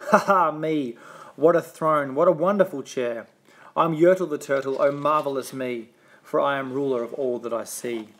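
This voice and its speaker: A man's voice: mid-range voice, normal speed, fairly bright tone, natural voice. A man voicing a pompous, boastful male turtle king who barks and bellows his orders in a storybook reading. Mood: boastful bellowing. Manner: barking, bellowing, bossy.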